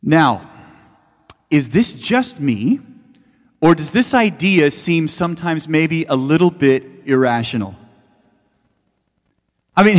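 Man, pastor, sermon, high voice, conversational storytelling turning fervent, big reverberant hall.

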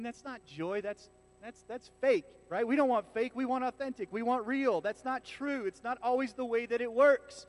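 A man with a high-pitched voice delivers a sermon in a relaxed, conversational way. He talks to the congregation like friends, with lively asides and frequent restarts. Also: moderate pace. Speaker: pastor. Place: church.

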